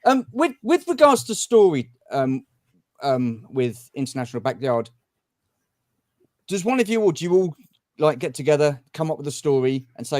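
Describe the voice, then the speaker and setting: A man's voice: medium pitch, lively intonation, a little fast, darkish tone, dry recording, clean studio sound. A man from the United Kingdom hosting a video-call livestream, jokey and playful, with frequent stammering restarts. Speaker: livestream host. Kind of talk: livestream discussion.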